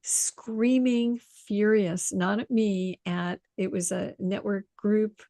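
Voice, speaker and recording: A woman coach tells an animated story in casual conversation, acting out the voices of the people in it. Her voice sits in a middle pitch, and the sound is dry and close. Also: slow pace, no room sound. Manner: animated storyteller, acts out quotes, laughs often. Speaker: intuition coach.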